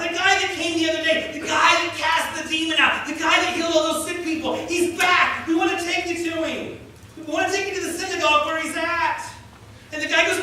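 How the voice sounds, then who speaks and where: A male pastor preaching a sermon in a church, telling the story dramatically and swinging between loud and hushed delivery. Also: very high voice, little pitch movement, a little fast, slight background noise. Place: church sanctuary. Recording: echoey church hall from far off.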